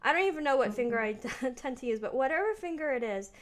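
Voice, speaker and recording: A woman piano teacher talking through her practice in a relaxed, chatty way, thinking aloud as she plays. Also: high voice, fast talker. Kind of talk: casual piano practice lesson. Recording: voice over loud piano playing. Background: piano playing.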